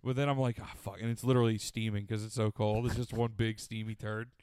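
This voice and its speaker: A man's voice: on the low side, flat delivery, fast talker, a little mellow, clean tone, no echo. A young man telling a long story in casual podcast chat, rambling and profane, often laughing and acting out voices. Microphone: studio podcast mic.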